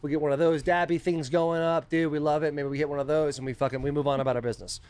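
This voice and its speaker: A man co-hosting a podcast, telling a story in casual, animated chat and swearing freely. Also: on the high side, fast, clean tone. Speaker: podcast co-host.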